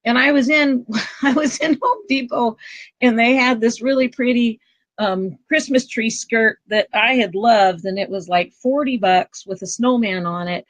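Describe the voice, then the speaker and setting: A middle-aged woman, a podcast guest, telling a personal story in a lively way, acting out what people said with sudden loud bursts. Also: a little high, unhurried, no room sound, lo-fi sound. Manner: animated, acts out quoted speech with sudden loud outbursts. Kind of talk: conversational storytelling. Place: travel trailer.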